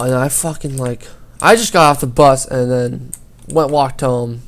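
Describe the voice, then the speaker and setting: A man's voice: medium pitch, takes it slowly. Rambling, foul-mouthed teen boy gamer. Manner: rambling, swears a lot, restarts sentences. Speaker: gaming YouTuber. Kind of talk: casual storytelling over gameplay.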